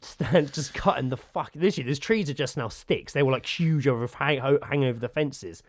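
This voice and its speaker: A man's voice: mid-range voice, brisk, no room sound, studio quality. Sweary man telling a story. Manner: swears a lot, animated storytelling. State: sore from gardening. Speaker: podcast co-host. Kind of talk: casual chat.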